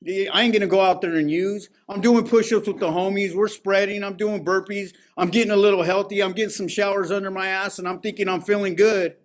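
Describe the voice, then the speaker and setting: Brief: man, fairly high voice, blunt, streetwise, swears freely, recovery-meeting share. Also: steady tone, fairly quick, few pauses. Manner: candid, profane, streetwise storytelling. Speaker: speaker at a recovery alumni meeting. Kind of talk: personal recovery testimony.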